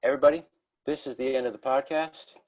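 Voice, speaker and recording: A man's voice: medium pitch, fairly even intonation, quick pace, darkish tone. A man hosting a hobby podcast, chatting casually in a rambling, self-deprecating, friendly way. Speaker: podcast host. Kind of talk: casual interview chat. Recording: dull lo-fi podcast audio.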